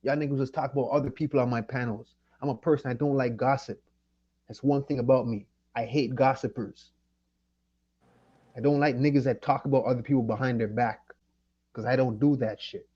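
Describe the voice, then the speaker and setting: A man from Jamaica rants on his own channel, profane and fed up, circling back to the same points. He sounds a little loose from liquor and weed. His voice is dark and mellow, and the recording is dull and lo-fi. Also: mid-range voice, steady tone, a little fast. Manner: profane, annoyed, repetitive ranting. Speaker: channel host. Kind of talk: livestream rant.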